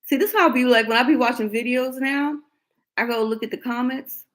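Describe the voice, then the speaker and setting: A woman's voice: sits high, fairly quick, poor audio. A woman in her later years, hosting a tarot livestream and chatting loosely with her viewers. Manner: chatty, rambling, laughs often, talks to viewers. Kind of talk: casual livestream chat.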